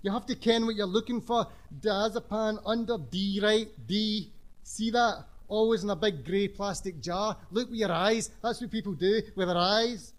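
A man's voice: high-pitched, moderate pace, pitched above the performer's own voice, close to an everyday voice. A man reading a story, voicing a cocky, streetwise teenage boy who lectures in a bossy, insistent way. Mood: lecturing.

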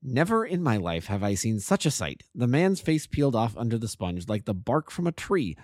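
A man, an amateur narrator, reading a classic detective story with measured, expressive storytelling. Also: medium pitch, no room sound, clean studio sound.

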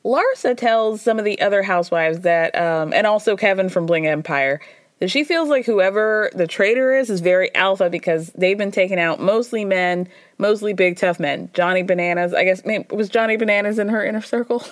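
A woman hosts a podcast recapping reality TV, chatting in a gossipy, wry way and laughing often. Her mid-range voice moves fairly quickly, and the recording is dry and studio quality.

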